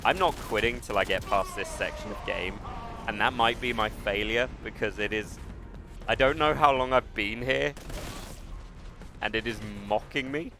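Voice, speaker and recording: A man's voice: fairly low pitch, normal speed, vocal fry, music in the background. Swearing, self-mocking male game streamer. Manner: self-mocking, swears freely, talks himself through the game. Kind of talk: live gameplay commentary.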